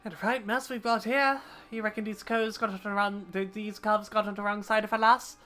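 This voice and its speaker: A woman's voice: mid-range voice, fairly even intonation, normal speed, a bit bright, natural voice. A woman voicing a sly, roguish male thief who talks in old-fashioned rogue slang. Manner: old-fashioned rogue slang, reading game dialogue aloud.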